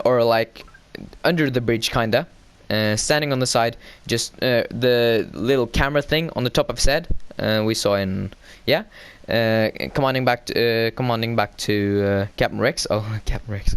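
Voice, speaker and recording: A man talks through an episode recap in a loose, hesitant way, stopping often for fillers and self-corrections. His voice is smooth and clear at an average pitch for a man. The sound is dry, with no room echo. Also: moderate pace. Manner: excitable, laughs while retelling scenes.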